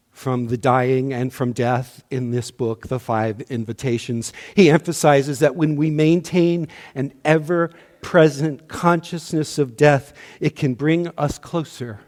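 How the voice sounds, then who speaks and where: A man delivering a sermon as minister, slow and measured, his voice often dropping to a hush at the ends of lines. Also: mid-range voice, in a large hall. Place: church sanctuary.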